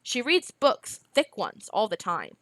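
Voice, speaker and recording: A woman reading aloud, voicing a blunt street-raised boy who talks in slang, pitched a little higher than her narration. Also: expressive, unhurried, fairly bright tone, no echo.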